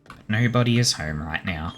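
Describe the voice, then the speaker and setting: A streamer playing a game and musing aloud, with frequent chuckles. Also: male voice, deep voice, normal speed, fairly bright tone, a little hiss or hum. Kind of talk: casual game commentary.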